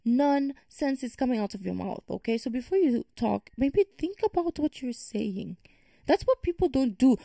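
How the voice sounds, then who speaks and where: A woman's voice: sits high, expressive, normal speed, vocal fry, warm tone, no room sound, clean studio sound. Exasperated woman ranting on a reaction video. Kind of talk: casual reaction commentary.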